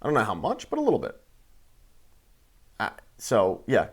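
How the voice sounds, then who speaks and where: A man's voice: mid-range voice, huge pitch swings, moderate pace, pauses often, slightly rough. A man hosting a sports show, ranting with heated, sarcastic and profane commentary.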